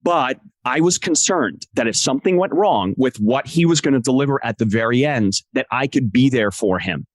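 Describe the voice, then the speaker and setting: A man as a podcast guest, telling an excited, emotional story and acting out what people said. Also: normal speed, hardly any pauses, no room sound. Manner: acts out quotes with big pitch jumps. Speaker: podcast guest, wrestling translator. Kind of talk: animated storytelling in conversation.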